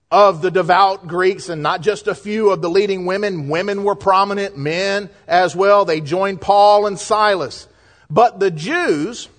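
High-voiced Southern pastor preaching. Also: male voice. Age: middle-aged. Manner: folksy, lively preaching with asides and jokes. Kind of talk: sermon.

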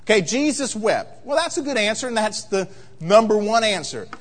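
A pastor delivers a sermon in a high, lively voice. He keeps prodding the congregation with rhetorical questions. Every phrase trails off in a long church reverb. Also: normal speed. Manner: animated preaching with rhetorical questions. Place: church sanctuary.

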